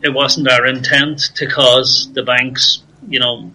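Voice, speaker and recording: A man's voice: medium pitch, flat delivery, takes it slowly, bright, forceful tone, poor audio. A man speaking as a guest over a video call, easygoing and laughing as he explains. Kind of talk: casual interview chat. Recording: faint background noise.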